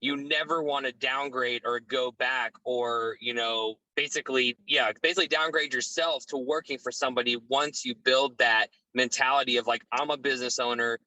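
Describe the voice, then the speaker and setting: A middle-aged man speaking as a guest on a business podcast, measured and poised in a casual interview. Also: medium pitch, no room sound, low-quality recording. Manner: measured, poised, steady delivery.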